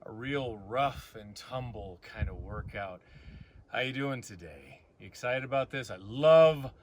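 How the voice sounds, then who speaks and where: Outdoors among rocks, a male fitness instructor leads an abs workout, counting reps and cueing breaths with upbeat, coaching energy. His voice is fairly low, expressive and a bit bright, delivered a little slowly, with slight background noise.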